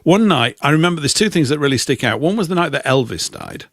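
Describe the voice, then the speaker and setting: Casting: middle-aged Englishman, dry rambling storyteller, lively pitch, close dry sound. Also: quick pace, no room sound. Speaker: co-host. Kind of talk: casual chat.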